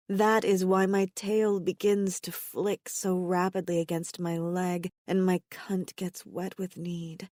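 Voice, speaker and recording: A woman narrating a first-person romance audiobook in an intimate, measured reading. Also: lowish voice, warm tone, no room sound, clean studio sound.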